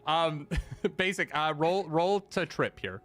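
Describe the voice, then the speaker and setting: Animated man running a tabletop game. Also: on the high side, takes it slowly. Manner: animated, laughing, with fillers. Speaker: game master.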